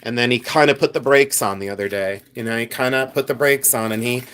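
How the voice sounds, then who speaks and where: The host of this casual live stream, a reseller, has a clear, resonant mid-range voice that's a bit bright and quick. He rambles chattily to his viewers, addressing them directly amid many fillers and restarts.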